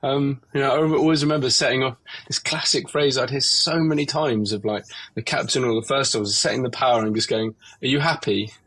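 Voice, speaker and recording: A man with a husky, slightly breathy voice hosts an open, serious conversation. His pitch sits in the middle range for a man, and he speaks earnestly, lifting his voice when he plays out the lines people say to each other. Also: steady tone, quick pace, hardly any pauses, a bit bright. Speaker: podcast host.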